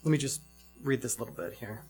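A man's voice: medium pitch, animated, fairly quick, a little mellow, faint music behind. A man preaching a sermon in a reflective way, asking many rhetorical questions.

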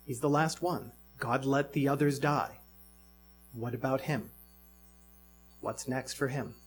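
A man's voice: mid-range voice, fairly even intonation, slow pace, faint music behind. A man preaching a sermon in a reflective way, asking many rhetorical questions.

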